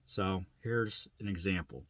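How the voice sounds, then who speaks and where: A man's voice: deep voice, animated, unhurried, very noisy. A man giving a plain-spoken, casual lesson on turkey calling, repeating his points as he goes. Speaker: turkey hunting instructor. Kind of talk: casual instructional demo.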